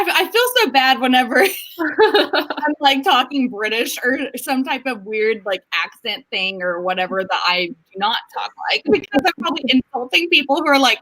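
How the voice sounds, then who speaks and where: A woman's voice: high voice, expressive, normal speed, sharp tone, poor audio. A woman hosting a casual livestream chat, bubbly and giggly as she greets viewers. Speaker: livestream host.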